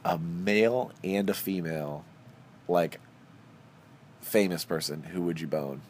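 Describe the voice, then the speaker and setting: A man's voice: sits low, measured pace, a little mellow, slight background noise. A young man hosting a casual podcast chat, playful and laughing often. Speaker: podcast host.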